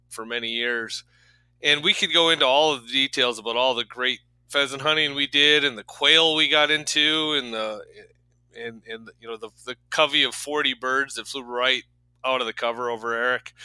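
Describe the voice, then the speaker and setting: A man's voice: mid-range voice, bright, forceful tone, smooth, no room sound, poor audio. A man from Minnesota hosting a casual hunting podcast, upbeat and wry. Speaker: podcast host.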